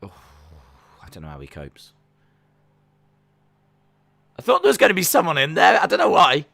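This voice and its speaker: A man's voice: fairly high pitch, wildly swooping pitch, moderate pace, gravelly, pushed and bright. A man chatting his way through a live watch-along. He talks in a jokey, rambling way. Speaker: streamer reacting to wrestling.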